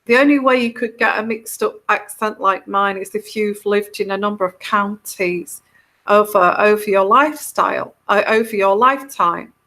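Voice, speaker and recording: An English woman with a mix of northern and southern English accents hosts a casual live chat as a tarot reader. Her medium-pitched voice is bright and forceful at a normal speed, yet her manner is soothing and meandering, with many restarts.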